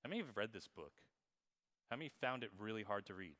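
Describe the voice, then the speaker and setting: A man giving a lively conference keynote on marketing, playful and quizzing the crowd, reading examples aloud in exaggerated voices. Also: on the low side, fast. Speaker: keynote speaker. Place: conference hall with audience. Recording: long hall reverb.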